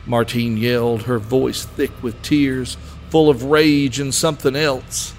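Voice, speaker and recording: Male narrator, mid-pitched voice, steady scripted storytelling, faint hiss. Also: unhurried, gravelly.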